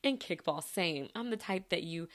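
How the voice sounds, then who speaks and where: Brief: female podcast host, lower-leaning voice, casual chatty delivery with frequent laughs. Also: lively intonation, normal speed. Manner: chatty, laughs often between thoughts; talks to listeners directly. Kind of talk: casual personal chat.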